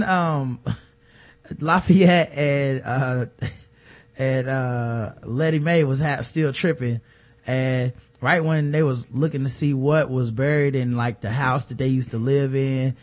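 A man co-hosting a podcast, recapping a TV episode in casual chat, swearing freely and acting out the characters' lines in loud voices. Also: mid-range voice. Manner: animated, acts out quotes in loud put-on voices, swears freely. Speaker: podcast co-host.

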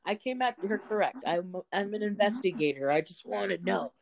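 A woman co-hosting a podcast from home, her voice in an ordinary middle pitch. She tells a long story in casual, profane, animated talk and acts out what others said. Faint noise sits behind her. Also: fairly quick, gravelly, low-quality recording. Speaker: podcast co-host. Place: home, indoors.

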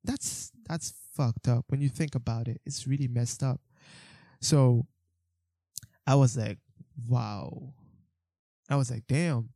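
A man's voice: medium pitch, fairly even intonation, a little slow, long pauses, warm tone, dry recording, studio quality. A young man telling a story about his street photography in a casual, rambling way, with lots of fillers, restarts and some swearing. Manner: swears when exasperated.

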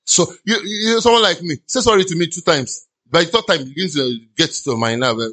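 A Nigerian-accented pastor delivers an animated sermon in a church. His somewhat high, bright voice rings out as he preaches, now and then mimicking sighing listeners. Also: brisk.

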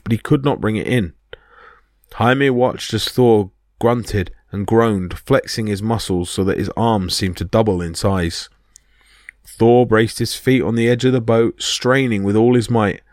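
A man's voice: lowish voice, a little slow, dry recording, studio quality. A man narrating myths as a podcast storyteller, reading expressively. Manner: expressive reading that voices each character.

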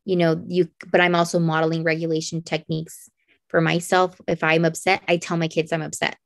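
A woman's voice: sits low, level tone, a little fast, creaky, no echo, studio quality. A woman who homeschools her children, talking earnestly as a podcast guest and repeating phrases for emphasis. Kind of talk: casual podcast chat.

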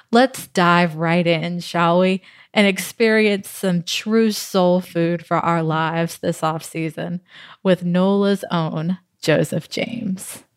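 A woman's voice: fairly low pitch, dry recording. New lady hosting a podcast, takes her time, dry close sound, upbeat. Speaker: podcast host. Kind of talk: podcast interview.

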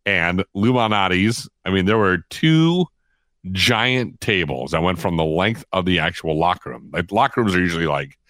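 A middle-aged man tells a story in a casual, animated way. He laughs as he talks and acts out the lines of the people in it. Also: low-pitched, normal speed, dry recording. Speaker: guest storyteller.

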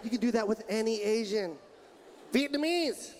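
A man with a very high voice performs stand-up on a club stage, loud and playful as he puts on voices. A roaring crowd and heavy noise fill the live recording. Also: expressive, slow pace, long pauses. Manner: loud, puts on accents, laughs between lines. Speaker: stand-up comedian. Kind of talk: stand-up comedy set.

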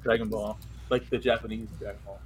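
A man's voice: on the low side, flat delivery, a little fast, background noise. A man co-hosting a podcast, telling crude stories and laughing a lot in casual chat. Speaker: podcast co-host.

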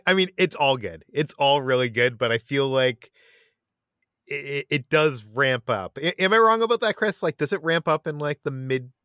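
A man's voice: medium pitch, sharp tone, no echo, clean studio sound. A man hosting a casual podcast chat, talking with frequent stammered restarts and fillers. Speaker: podcast host.

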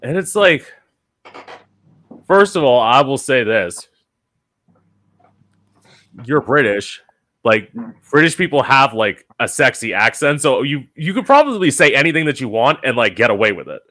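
A man's voice: medium pitch, measured pace, pauses often. A man hosting an interview, telling gossipy stories casually and filling his talk with "like.". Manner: gossipy, animated storytelling with many fillers. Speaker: interview host.

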